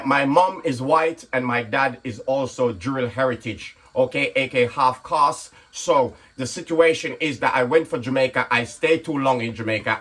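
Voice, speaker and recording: A man with a slightly husky voice chats his way through a home cooking video, explaining each step. He keeps checking in with a quick "okay?" and stays relaxed and talkative in his own kitchen. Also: medium pitch. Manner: chatty, repeats "okay?" often. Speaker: comedian and cooking vlogger. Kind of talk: casual cooking vlog chat.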